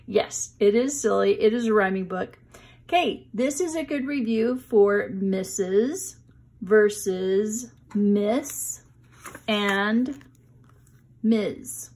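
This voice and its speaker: Woman, teacher, children's reading lesson, slow and patient, middle pitch. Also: darkish tone.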